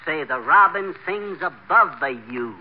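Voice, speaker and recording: A man's voice: on the high side, lively intonation, fairly quick, close to an everyday voice. An actor playing Fibber McGee, a boastful, folksy small-town man with a brash, wisecracking manner, in 1940s radio comedy. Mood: bossy. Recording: dull, hissy 1940s radio broadcast.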